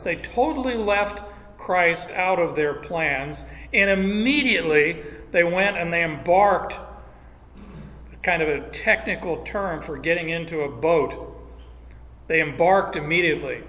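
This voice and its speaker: A man's voice: a little high, slow pace, fairly bright tone. A man preaching a sermon as pastor, conversational with folksy asides. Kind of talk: expository sermon. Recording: long reverb of a large hall.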